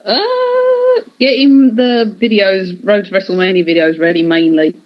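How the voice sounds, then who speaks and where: A man's voice: sits high, expressive. A man co-hosting a radio show, teasing his co-host in casual chat. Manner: teasing, quick to react. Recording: dull, lo-fi sound.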